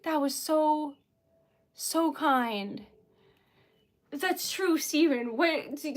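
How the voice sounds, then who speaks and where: A woman's voice: sits high, drawn-out words, long pauses. A young woman running a casual livestream for her small business, flustered and giggly as she thanks viewers.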